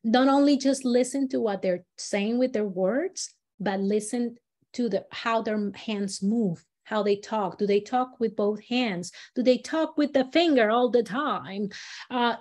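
Her voice sits a little high with a darkish tone as she leads a storytelling workshop. The teaching is casual and chatty, full of fillers and false starts, and she performs her examples aloud.

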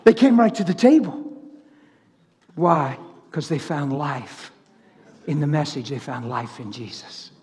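Animated man preaching in a reverberant hall. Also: on the high side, unhurried. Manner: animated, swings from loud laughing to near whispers. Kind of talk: sermon with storytelling.

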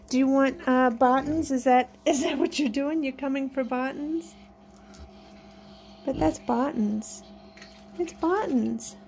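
At home at night, a pet vlogger with a high-pitched, darkish female voice talks to her pets in a sing-song baby voice and chats with viewers. There is slight background noise.

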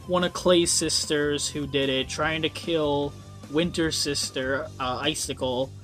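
A man's voice: on the high side, steady tone, measured pace, a bit bright, faint music behind. A young man giving a casual book review, rambling with frequent ums and swearing when worked up.

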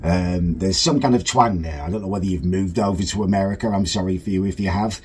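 A northern English man hosts a comedic reaction video, delivering in-character commentary that is mock-pompous and indignant, his pitch swinging wildly. He talks fast with a breathy edge.

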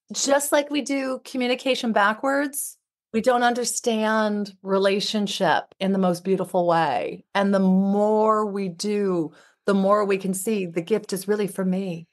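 A middle-aged woman, a relationship expert and author, appears as a podcast guest in an interview. Her mid-range voice has fairly even intonation and a slightly slow pace, and she speaks heartfelt and emphatic, repeating her phrasing often.

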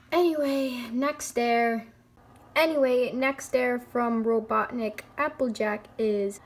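A woman's voice: on the high side, steady tone, takes it slowly. A woman narrating a playful toy skit in a silly, joking way. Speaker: toy video maker.

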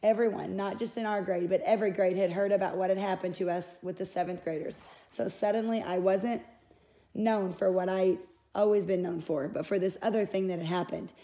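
A woman's voice: mid-range voice, fairly even intonation, brisk, mellow. A woman reading a first-person novel aloud in an unpolished way, with small slips and self-corrections. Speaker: audiobook reader.

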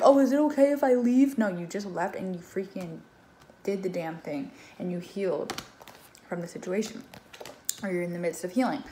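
A woman's voice: medium pitch, a little mellow, slight background noise. Chatty woman in an echoey room. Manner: chatty, swears casually, acts out others' thoughts. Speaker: tarot reader. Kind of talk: casual tarot reading.

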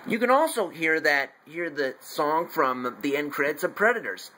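In a low-quality recording with a bit of hiss or hum, a man with a slightly high, bright, forceful voice and lively intonation speaks at a measured pace. He's casually reviewing a favorite movie at home, eagerly showing his collectible figures while rambling and correcting himself.

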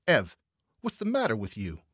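A man's voice: sits low, animated, measured pace, bright, forceful tone, husky, no room sound, studio quality, full character voice. A man voicing a menacing adult male thug who barks orders in an audiobook. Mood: wheedling.

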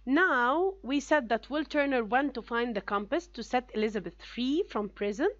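A woman teacher patiently explains a story to her students, stopping for hesitant fillers along the way. Her voice is fairly high. The recording is dull and dry, as if made close to a modest mic. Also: animated, moderate pace, fairly bright tone, no echo. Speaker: English teacher. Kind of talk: classroom explanation.

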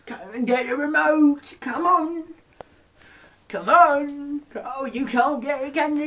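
A woman's voice: high voice, slow pace, a bit bright, recorded from a distance. A young woman teasing and taunting in a sing-song way in an improvised comedy sketch.

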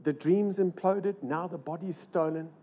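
Older male pastor for a church sermon; theatrical, dips from loud peaks to near-hushed asides, asks the congregation rhetorical questions. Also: steady tone, a little slow. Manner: dramatic, swings between loud rises and hushed low lines. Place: church service.

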